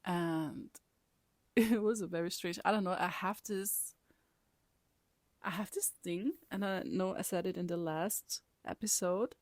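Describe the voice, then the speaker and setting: Chatty woman with a low, dry voice. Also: unhurried, dry recording. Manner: rambling, animated, laughs often, drops to whispers. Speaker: vlogger. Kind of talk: casual personal storytelling.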